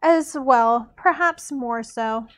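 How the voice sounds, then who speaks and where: A woman's voice: a little high, takes it slowly, clean tone. A woman reading aloud the lines of a teasing young crown prince in a playful, dramatic way.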